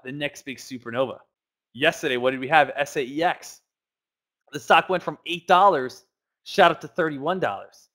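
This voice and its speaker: A man teaching stock trading over a chart walkthrough, energetic, asking rhetorical questions and mimicking excited traders. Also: on the high side.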